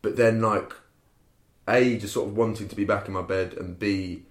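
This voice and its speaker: Young man, low-pitched, casual rambling storyteller, roomy sound. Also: fairly even intonation, normal speed. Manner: rambling, laughing, sweary storytelling. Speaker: podcast guest telling a story. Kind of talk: casual chat. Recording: roomy echo.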